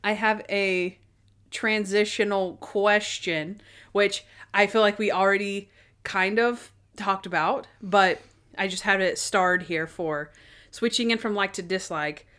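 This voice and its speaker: A woman's voice: mid-range voice, steady tone, takes it slowly, fairly bright tone, smooth. A young woman co-hosting a casual chat, recapping episodes in a chatty way. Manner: chatty, acts out scenes in voices.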